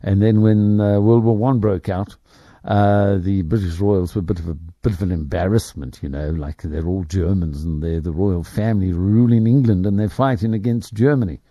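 A man's voice: deep voice, fairly even intonation, moderate pace, mellow, dry recording, studio quality. A man hosting a business show, giving opinionated commentary in a rambling way with many fillers and restarts. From Africa. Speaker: host.

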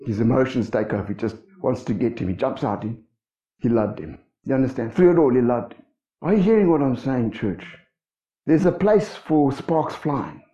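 A man preaching a sermon to his congregation, animated, acting out quoted voices and asking the listeners questions. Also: mid-range voice, roomy sound, highs cut off. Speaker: pastor.

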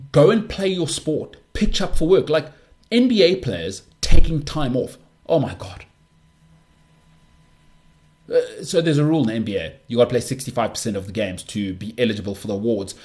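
A man hosting his own show, delivering an emphatic, scornful sports rant full of repetition. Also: medium pitch. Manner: emphatic, scornful, repeats himself. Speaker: show host.

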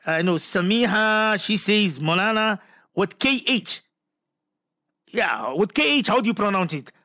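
Male radio presenter, high and bright, casual and chatty, thinks aloud on air. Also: lively intonation, a little slow, dry recording. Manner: chatty, muses aloud and stumbles over pronunciations. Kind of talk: casual on-air chat reading listener messages.

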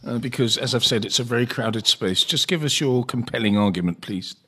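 A man's voice: medium pitch, fairly quick, fairly bright tone, husky. A man hosting a radio business show, asking questions with a dry, joking manner. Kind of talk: casual radio business interview.

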